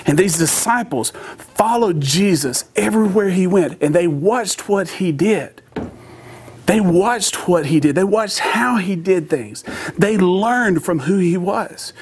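A man's voice: sits high, unhurried, a little mellow, slightly rough. A middle-aged man, preaching a sermon in a humorous, folksy storytelling manner.

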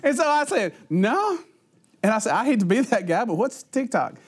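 High, lively-voiced man telling a funny story. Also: moderate pace, breathy edge. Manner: laughs often mid-sentence, animated, acts out quotes. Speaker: youth pastor. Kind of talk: humorous storytelling talk to teenagers.

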